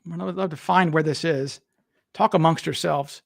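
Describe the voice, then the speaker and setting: A man with a somewhat high voice hosts a casual live stream. He rambles, restarts his sentences and talks straight to his viewers. The sound is dry and close, with no room echo. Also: steady tone, normal speed, vocal fry. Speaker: livestream host. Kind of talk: casual livestream chat.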